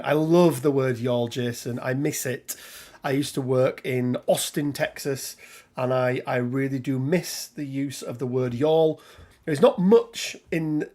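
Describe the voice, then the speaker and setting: With a mid-range, darkish voice and measured pace, the middle-aged man from England runs a relaxed live stream. He chats and rambles, calling out the names of viewers as he says hello.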